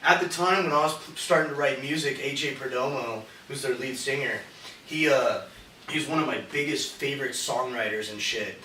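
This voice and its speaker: Podcast co-host, male, bright, loose, profane storyteller; roomy room, off-mic, faint hiss. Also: medium pitch, moderate pace, recorded from a distance. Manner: rambling, profane, says "dude" constantly. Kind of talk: casual storytelling chat.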